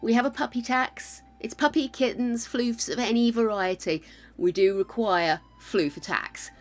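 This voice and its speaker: An older woman from England with a croaky voice, chatting and thanking viewers while building in a game, self-mocking and gushing. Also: on the high side, fairly even intonation, measured pace, faint music behind. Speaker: game streamer.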